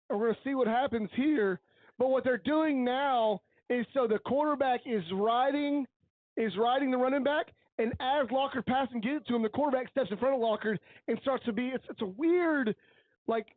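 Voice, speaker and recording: A man giving coach-like color commentary on a high school football game, earnest and openly emotional as he breaks down each play. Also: normal speed, no room sound, phone-quality sound. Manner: analytical, coach-like breakdowns of plays.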